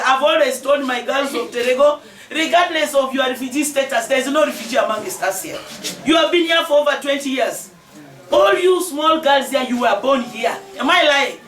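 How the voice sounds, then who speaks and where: A high-pitched Ugandan woman in her forties exhorting a crowd, her voice loud and animated with laughter. She is caught from a distance in an echoey space, with noise around her. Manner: emphatic, exhorting, often raising her voice with laughter. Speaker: member of parliament. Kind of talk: public speech to a crowd.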